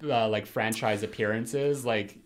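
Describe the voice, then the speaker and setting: A man co-hosting a casual podcast chat. He speaks in halting, loose phrases with many fillers. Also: lowish voice. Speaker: podcast co-host.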